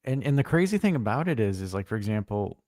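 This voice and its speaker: A man co-hosting a casual football live stream, blunt and animated, swearing freely as he tells stories. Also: on the low side, quick pace. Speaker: co-host.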